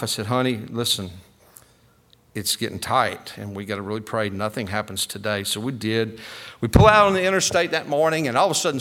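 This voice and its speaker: A man in his sixties with a Mississippi Southern accent, a preacher telling a story in a sermon in a folksy, animated way. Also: mid-range voice. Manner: folksy, animated, acts out the voices of others.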